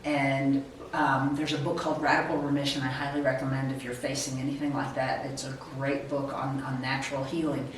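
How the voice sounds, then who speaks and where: A woman's voice: rumbling low, level tone, fairly quick, hardly any pauses. A woman hosting an interview who responds to her guest in an affirming, encouraging way. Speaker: interview host. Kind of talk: conversational interview. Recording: echoey, distant, faint noise.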